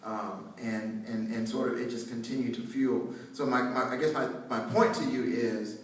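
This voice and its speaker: A man's voice: medium pitch, fairly even intonation, normal speed, slight background noise. A man from North Carolina gives a joking, conversational pep talk to students. His voice carries from a distance across a very echoey hall, with faint room ambience behind it. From North Carolina, USA. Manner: conversational and joking, with many restarts. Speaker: motivational speaker addressing students. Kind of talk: inspirational speech.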